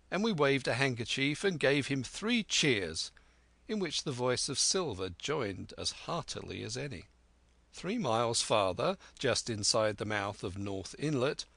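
A man narrating a classic adventure novel in a steady, clear reading voice. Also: mid-range voice, no echo. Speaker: audiobook narrator. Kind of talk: scripted narration.

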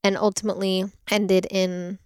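A young woman telling her story in a casual interview, lively and full of "like", acting out what others said. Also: medium pitch, moderate pace, clear, resonant tone, dry recording, studio quality. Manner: animated storytelling, frequent "like", acts out quoted voices. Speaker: interview guest, doula and product maker.

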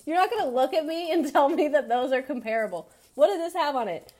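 A woman co-hosting a podcast in casual chat, animated and laughing often as she acts out quoted people. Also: sits high, quick pace. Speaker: podcast co-host.

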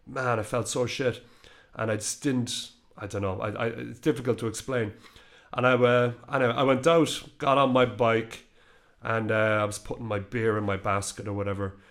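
A man in his thirties telling a story in casual chat, animated, swearing and laughing as he goes. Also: medium pitch. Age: 30s.

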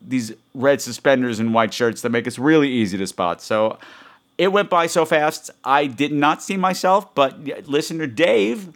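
A man's voice: medium pitch, moderate pace. Rambling, self-mocking man on a podcast. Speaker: podcast host. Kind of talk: casual podcast monologue.

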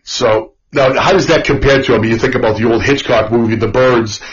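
A man's voice: mid-range voice, fairly even intonation, fairly quick. A man chatting casually about movies he hates, ranting and swearing freely as he gets worked up. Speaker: podcast host. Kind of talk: casual chat. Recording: dull lo-fi sound.

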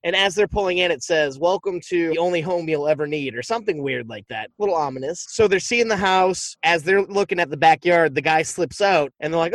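This podcast co-host is a man with a fairly high voice who talks briskly with few pauses and no echo. He retells a movie plot casually and animatedly, swearing freely as he goes.

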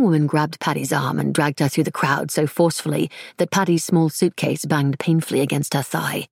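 Audiobook narrator, woman, low and husky, measured read. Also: fairly even intonation, darkish tone, no room sound, studio quality. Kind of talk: scripted narration.

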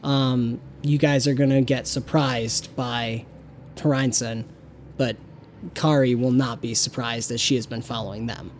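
A man running a tabletop game as game master and host, talking in a halting way with many fillers and restarts. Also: mid-range voice, steady tone, a little hiss or hum.

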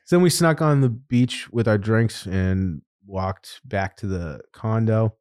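A man's voice: on the low side, takes it slowly, a little mellow, dry recording, clean studio sound. Profane man telling a story, laughing often. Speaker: podcast host. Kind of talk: casual chat.

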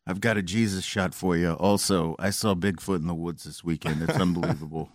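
A man's voice: low-pitched, fairly even intonation, brisk, no room sound, studio quality, pitched below the performer's own voice, lightly acted. A man voicing a folksy male small-town doctor, putting on a drawling accent. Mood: deadpan. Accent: put-on folksy drawl.

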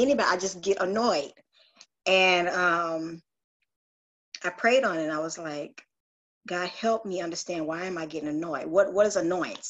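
A woman with a slightly low voice shares a personal story of faith and prayer. She talks earnestly and confessionally, circling back and restarting her thoughts as she goes. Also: muffled recording. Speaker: group call participant. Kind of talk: heartfelt spiritual sharing.

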